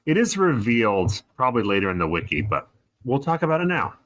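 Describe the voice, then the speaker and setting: A man's voice: mid-range voice, fairly quick. A man co-hosting a podcast, casually picking apart a TV episode, asking questions and mockingly quoting scenes. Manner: animated, quizzical, quotes scenes mockingly. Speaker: podcast co-host. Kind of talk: casual chat recapping a TV episode.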